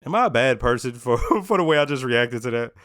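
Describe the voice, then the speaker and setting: A man talks through a show in casual, blunt commentary, his pitch swinging up and down as he reacts. He swears freely and laughs often. The sound is dry and close, with no room echo. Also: animated, a little fast, fairly bright tone. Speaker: reaction video host.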